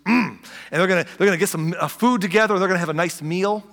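A male pastor preaching in a casual, animated way, cracking jokes and acting out the people in his story. His voice sits a little high and rings out with a long hall reverb. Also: fast talker, vocal fry. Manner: animated, joking, acts out quotes. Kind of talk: conversational sermon.

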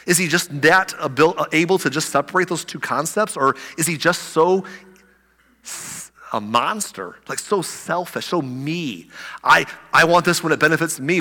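A man preaching a sermon, animated and conversational, acting out the scripture with asides. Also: a little high. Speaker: pastor. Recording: echoey hall.

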